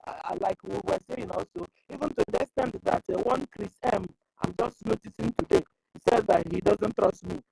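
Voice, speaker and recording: A woman's voice: medium pitch, brisk, vocal fry, dark tone, low-quality recording. A woman speaking on an online group call, rambling and repeating "you understand?". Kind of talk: emotional call-in speech.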